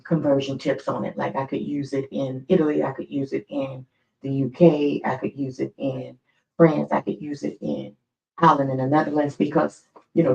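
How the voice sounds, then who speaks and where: American woman, stream host, chatty anecdotal storyteller, gravelly, muffled lo-fi audio. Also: low voice. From United States. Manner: chatty, digressive, animated storyteller. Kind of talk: casual storytelling on a live stream.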